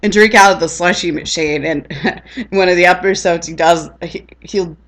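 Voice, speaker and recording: A woman's voice: on the low side, fairly even intonation, moderate pace, a bit bright. A woman rambling in casual chat on her vlog, laughing often. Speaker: vlogger.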